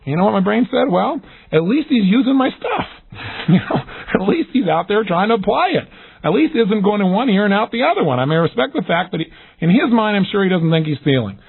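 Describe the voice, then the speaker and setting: Man, motivational speaker, fast-paced and animated, husky voice, narrow phone-like sound. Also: high voice. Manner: energetic, expressive, acts out questions in lively voices. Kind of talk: recorded self-help lesson. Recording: tinny phone-like audio.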